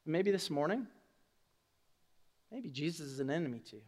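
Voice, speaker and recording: A male pastor preaching a sermon, swinging from quiet asides to loud, emphatic declarations. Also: fairly high pitch, expressive, moderate pace, in a large hall.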